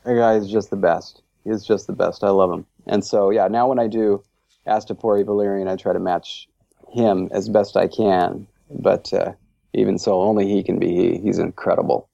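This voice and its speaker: A man's voice: deep voice, fairly even intonation, normal speed, creaky, warm tone, dry recording, muffled recording. A man guesting on a podcast interview, talking enthusiastically and rambling with lots of fillers. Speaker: interview guest, language creator. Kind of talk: casual interview chat.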